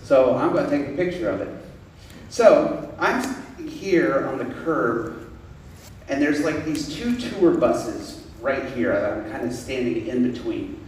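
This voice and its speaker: A man who works as a street photographer tells a lively story about a street scene, laughing as he goes. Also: mid-range voice, slight background noise. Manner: animated anecdote, laughing through it. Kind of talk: storytelling to an audience. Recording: very echoey room, far from mic.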